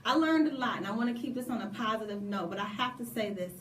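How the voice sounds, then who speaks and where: Woman co-host, lively and preachy, somewhat high voice, echoey room. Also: fast talker, a little hiss or hum. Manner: lively, preachy, laughing asides. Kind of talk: casual radio talk. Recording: echoey room from a distant mic.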